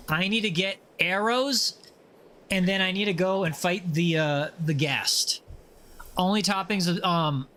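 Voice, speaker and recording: This is casual gaming-stream chatter from a male host who reads viewers' messages aloud and teases them good-naturedly. His pitch is high, his tone bright and forward. A faint hiss lingers in the background.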